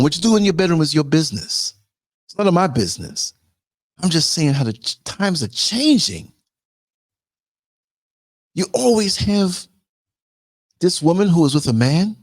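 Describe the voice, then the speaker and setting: A podcast host delivers a casual storytelling monologue in a loose, conversational style, animated and full of mimicry and sound effects, with frequent asides to his viewers. His voice is medium-pitched and husky, recorded with studio quality and no echo.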